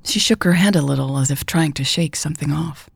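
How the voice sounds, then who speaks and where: A woman narrating a romance audiobook in a soft, often whispery delivery. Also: deep voice, fairly quick, creaky, breathy edge, dry recording. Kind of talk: scripted narration.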